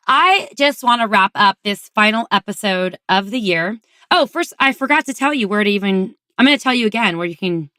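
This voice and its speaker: A woman's voice: medium pitch, fairly bright tone, no echo. Bubbly woman podcast host, dry sound. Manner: bubbly and effusive, laughing often. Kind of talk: casual solo podcast talk.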